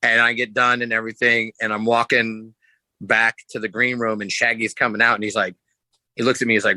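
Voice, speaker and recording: A man with a bright, forward voice spins rambling backstage stories as a podcast guest. He swears casually and restarts his sentences. His voice leaps up whenever he quotes someone, and the recording is dry and close. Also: fairly even intonation, normal speed, pauses often, no room sound, low-quality recording. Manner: rambling, restarts, acts out quotes with pitch jumps. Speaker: podcast guest, sideshow performer. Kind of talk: casual storytelling.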